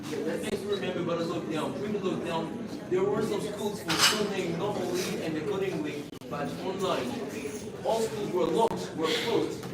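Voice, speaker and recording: A man's voice: sits high, over a noisy crowd. A man at a live event building up long, explanatory questions before putting them to the speaker. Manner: measured, explaining at length before asking. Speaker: audience questioner. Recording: echoey distant room mic with heavy noise.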